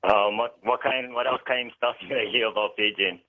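A man's voice: fairly low pitch, steady tone, moderate pace. Laid-back man on the phone. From Hawaii. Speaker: caller. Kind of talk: phone-in chat. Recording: tinny phone line.

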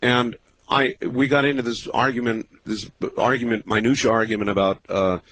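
A man hosting a late-night call-in radio show, talking in a measured, halting way with many pauses. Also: medium pitch, fairly even intonation, a bit bright. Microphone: studio microphone.

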